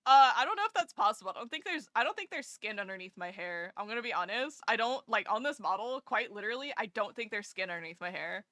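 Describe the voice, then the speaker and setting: Woman streamer, excitable storyteller, crisp bright tone, dry booth-like sound. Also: a little high, no echo. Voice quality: animated storyteller, laughs a lot, excitable. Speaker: VTuber streamer. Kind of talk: casual livestream storytelling.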